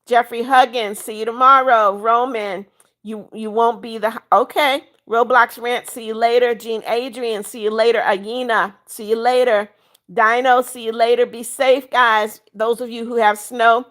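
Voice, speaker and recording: Woman livestream host, raised pitch, chatty, reads chat out loud and greets each viewer. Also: fairly even intonation, measured pace. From United States. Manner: reads viewer comments aloud and answers each by name. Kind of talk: casual livestream chat reading comments.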